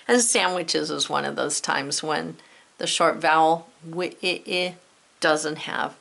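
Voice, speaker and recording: A woman's voice: low-pitched, takes it slowly, creaky, fairly bright tone. A woman teacher leading a spelling lesson, talking herself through each step in a chatty way.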